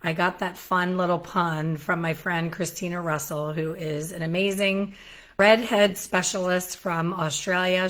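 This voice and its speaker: A middle-aged woman with a slightly low voice hosts a casual solo talk. She is chatty and self-deprecating, and she often breaks into animated asides. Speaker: hair colorist educator, show host. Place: home in Florida.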